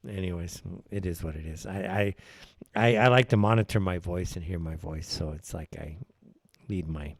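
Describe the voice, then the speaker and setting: A man's voice: low voice, moderate pace, no echo. A man hosting a live political talk show, ranting in an opinionated way and firing off rhetorical questions. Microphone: wears headphones while speaking.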